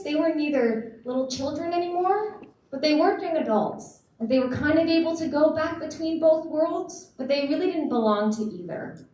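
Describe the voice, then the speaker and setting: A woman in her thirties gives an earnest, reflective talk from a stage, her voice slightly high and pausing now and then with fillers. The sound is very echoey, and she is heard from some distance off the mic, with faint noise underneath. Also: darkish tone. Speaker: teacher and speaker. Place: festival stage in a large hall. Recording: echoey hall, voice picked up from a distance.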